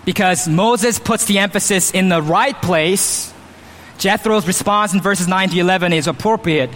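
Speaking at a moderate pace in a slightly bright voice, a man delivers an emphatic church sermon as pastor. At times he imitates boastful talk, raising his pitch on quoted boasts; the recording carries a little hiss or hum and a long church-hall reverb.

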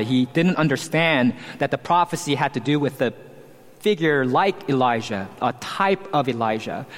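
A pastor preaching an expository sermon, explaining scripture verse by verse with emphatic stresses. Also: male voice, mid-range voice, normal speed, big-room sound.

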